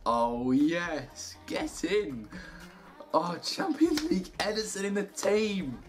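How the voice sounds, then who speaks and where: Excitable young gaming YouTuber. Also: male voice, high-pitched, slow pace, faint music behind. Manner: excitable, shouts and cheers at good packs. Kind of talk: casual gameplay commentary.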